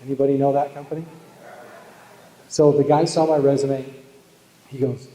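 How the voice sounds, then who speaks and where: Speaking at normal speed with frequent pauses, this man has a medium-pitched, warm, steady voice and a Boston accent. He's delivering a live motivational sales keynote, joking, telling stories and engaging the audience in a large hall with long, echoing reverb.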